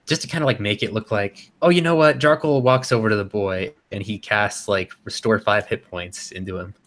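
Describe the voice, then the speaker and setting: A man's voice: lowish voice, brisk, fairly bright tone. A man playing a tabletop game, describing his character's actions casually. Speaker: player.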